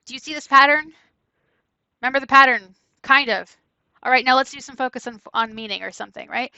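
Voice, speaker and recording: A woman lecturer giving a conversational classroom lecture, often checking in with "right?" and breaking into animated asides. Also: on the high side, no echo, rough recording. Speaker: university lecturer.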